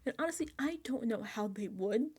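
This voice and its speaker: Excitable young woman recapping a show. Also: on the high side, fairly quick, breathy edge. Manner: animated storytelling, acts out reactions; chatty and excitable, laughs often. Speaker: reality show recap host. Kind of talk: casual reaction recap.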